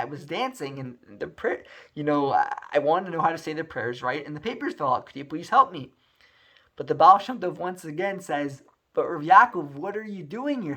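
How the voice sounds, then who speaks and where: A man telling a story aloud, acting out the characters' lines with lots of feeling and frequent restarts. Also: a little high. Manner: animated, acts out dialogue with many restarts. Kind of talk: storytelling narration.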